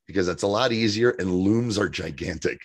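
Low-voiced man co-hosting a podcast. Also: a little fast, breathy edge, no echo, studio quality. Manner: chatty, laughs often. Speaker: podcast co-host. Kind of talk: casual TV recap chat.

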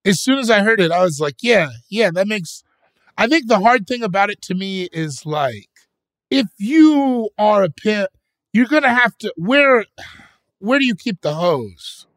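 Man, young adult, podcast co-host, rambling, restarts, high voice, dry sound. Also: no room sound. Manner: animated, rambling, halting restarts. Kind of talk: casual podcast chat.

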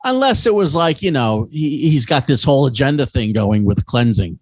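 A man co-hosting a loose podcast conversation. He rambles and restarts often, leaning on fillers as he gropes for his point. His voice sits at an ordinary pitch and is recorded dry and close to the mic. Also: lively intonation, normal speed, no echo. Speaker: podcast co-host. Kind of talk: casual chat.

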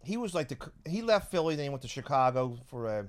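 A man rambling through comedy-club stories, halting and restarting, laughing often. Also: mid-range voice, sing-song, a loud crowd. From Philadelphia area. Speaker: comedian guest. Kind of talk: casual chat, storytelling.

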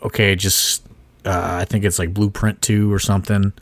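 A man co-hosting a podcast, talking in an excitable, profane way, full of fillers. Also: sits low, moderate pace. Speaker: podcast co-host. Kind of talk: casual chat.

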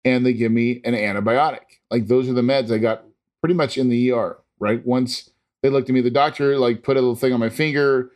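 A man's voice: medium pitch, fairly even intonation, brisk, darkish tone. Man, casual first-person storyteller, earnest and rambling, lots of restarts. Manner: imitates monitor beeps.

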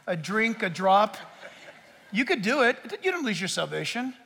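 A man preaching a sermon as a pastor, in an animated, joking way that speaks straight to the crowd. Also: high voice, normal speed, vocal fry. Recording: long hall reverb.

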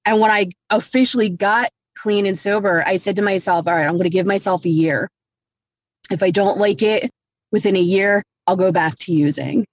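A woman's voice: medium pitch, brisk, no echo. A woman, casually and frankly telling her own story, swearing and acting out what people said. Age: 30s. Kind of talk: candid personal storytelling.

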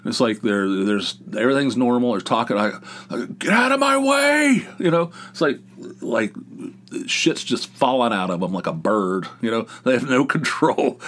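A middle-aged man hosting a casual solo podcast, rambling and cursing freely, losing his train of thought and circling back. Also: medium pitch. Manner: rambling, profane, easily sidetracked. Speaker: podcast host.

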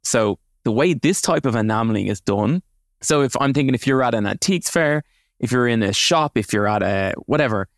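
A man's voice: medium pitch, lively intonation, fairly quick, dry recording, clean studio sound. A man co-hosting a podcast, explaining things in a casual way with lots of fillers and restarts. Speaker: podcast co-host.

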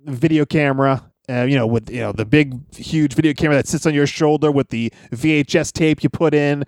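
A man's voice: fairly high pitch, a little fast, darkish tone, no room sound, clean studio sound. A man chatting casually on a wrestling podcast, rambling through old stories and laughing often.

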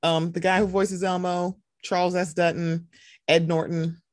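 A young woman co-hosting a podcast, chatting casually and animatedly, often jumping into excited quoted voices. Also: a little slow, dry recording, clean studio sound. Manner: animated, jumps into high excited voices when quoting. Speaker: podcast co-host. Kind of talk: casual chat.

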